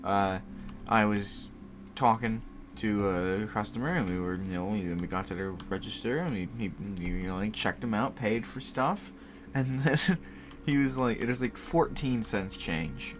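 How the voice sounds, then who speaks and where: A slightly low-voiced young man in his twenties chats on his own, rambling, laughing often and swearing in passing. He talks into a desk mic set up by his computer at home, with a faint hiss behind him. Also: unhurried. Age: 20s. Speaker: podcast host. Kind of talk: casual solo chat. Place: home recording setup by a computer. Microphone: desk mic set higher, farther from computer.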